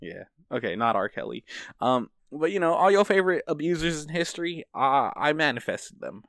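A man's voice: fairly high pitch, sing-song, brisk, vocal fry, a bit bright, no echo, studio quality. A young man co-hosting a podcast, telling loose, rambling stories and laughing through them. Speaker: podcast co-host. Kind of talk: casual chat.

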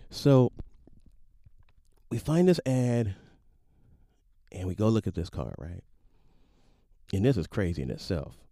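Mellow-voiced man in his forties telling stories. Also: low voice, unhurried, long pauses, dry recording, studio quality. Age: 40s. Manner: animated, slangy, makes sound effects. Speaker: podcast storyteller. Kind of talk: casual storytelling monologue.

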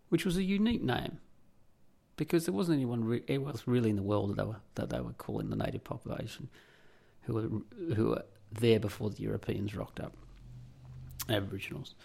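A man's voice: medium pitch, big pitch swings, normal speed, vocal fry, husky. An Australian man hosting a podcast, delivering an indignant, sarcastic and profane solo rant. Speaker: podcast host. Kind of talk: solo ranting monologue.

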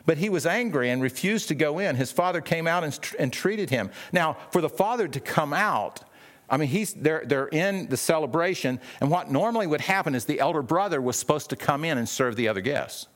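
A man's voice: medium pitch, expressive, a little fast. Man preaching a conversational sermon. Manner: conversational, repeats and restarts phrases, asks the listeners questions; acts out the brothers' lines in a raised, sharp voice.

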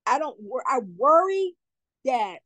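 A woman's voice: high voice, very animated, slow, fairly bright tone, no echo, rough recording. A woman speaking as a community advocate guest, giving heartfelt, emotional testimony and often repeating herself.

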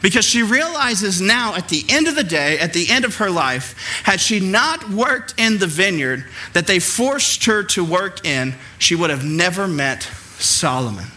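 A middle-aged man preaching a sermon in a lively, conversational way with playful asides. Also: high voice, unhurried. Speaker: pastor.

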